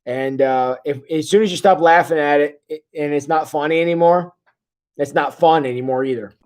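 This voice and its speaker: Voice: medium pitch, darkish tone. A pastor giving a casual, joking livestream sermon and reading viewer comments aloud, often stopping and restarting mid-sentence. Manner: jokey, conversational, halting restarts. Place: church.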